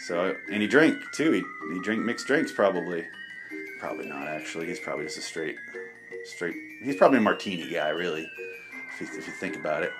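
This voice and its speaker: A man's voice: sits low, lively intonation, fairly quick, over music. A man hosting a podcast, delivering a profane, sarcastic comedic rant that stumbles over its own restarts. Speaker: podcast host.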